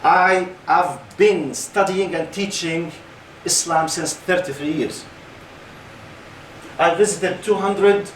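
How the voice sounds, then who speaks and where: Here the man's voice is a little high with a fairly bright tone. He's an Islamic lecturer in his 50s who keeps listeners engaged by quizzing them, picked up by a distant mic in a reverberant hall with some faint background noise.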